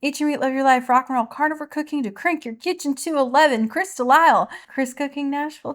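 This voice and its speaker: A woman, the host's wife, chatting casually and gushing excitedly, close to tears. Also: sits high, fast, few pauses. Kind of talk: casual chat.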